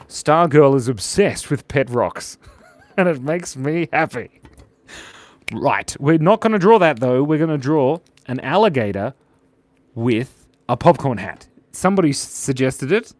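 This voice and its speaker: A man's voice: a little high, very animated, a little slow, dry recording. A young man hosting a casual livestream, drawing requests and reading chat aloud in a playful, giggly way.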